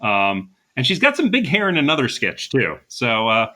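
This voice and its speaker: A man's voice: mid-range voice, wildly swooping pitch, moderate pace, bright, forceful tone. A man co-hosting a podcast, recapping a comedy show in casual chat with plenty of fillers. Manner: chatty, recapping with frequent fillers and laughs. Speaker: podcast co-host.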